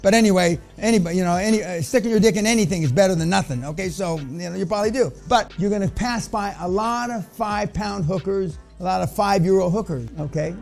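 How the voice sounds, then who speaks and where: Man, seminar speaker, blunt and profane, rambling, higher-pitched voice, faint music behind. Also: fast talker, vocal fry, few pauses, a little mellow. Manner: blunt, crude, provocative, rambling. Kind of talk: profane seminar lecture to a room.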